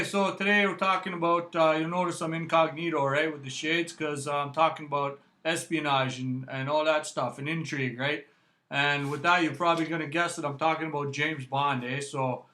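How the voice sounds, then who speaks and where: Canadian guy rambling about records, bright kinda high voice, echoey room. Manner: chatty, rambling, frequent "eh" and "right". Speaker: music vlog host. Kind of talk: casual vinyl review.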